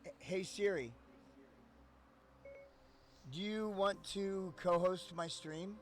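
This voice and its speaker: A man talking on a live stream in a loose, rambling way, swearing freely and breaking into laughter. His voice sits a bit high for a man. A faint hum of noise hangs behind him. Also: fairly even intonation, slow. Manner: profane, rambling, laughs often. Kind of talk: casual live-stream chat.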